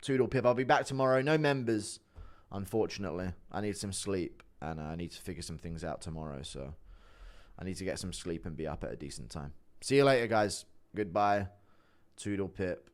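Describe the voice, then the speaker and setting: A man's voice: low-pitched, fairly quick. A man streaming live, reading and answering chat in a blunt, profane way and laughing often. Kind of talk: casual livestream chat.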